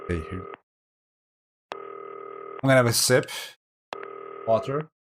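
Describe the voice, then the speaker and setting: A man's voice: medium pitch, lively intonation, slow pace, a little hiss or hum. A man streaming a game, reading its text aloud and making casual, laughing asides. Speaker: let's-play streamer.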